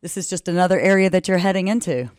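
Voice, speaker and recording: A male radio host with a smooth, resonant voice, pitched a little above average. He praises and promotes his guest with enthusiasm. The studio sound is close and dry. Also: fast talker, dry recording. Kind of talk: radio interview.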